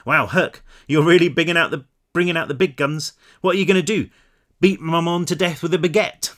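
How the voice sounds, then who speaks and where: A man's voice: on the high side, fairly even intonation, a little fast, fairly bright tone, pitched above the performer's own voice, natural voice. A man voicing a sarcastic teenage boy with a mocking tone.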